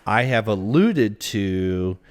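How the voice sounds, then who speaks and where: Podcast co-host, man from the Midwest; low voice, unhurried delivery, candid and self-deprecating. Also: lively intonation. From American Midwest. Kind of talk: casual chat.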